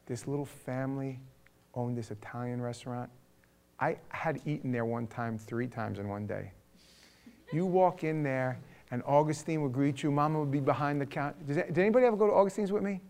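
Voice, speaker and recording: A middle-aged man with a New York accent preaching a conversational sermon, emphatic, moving between loud punch lines and quiet asides. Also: medium pitch, a little fast. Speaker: pastor.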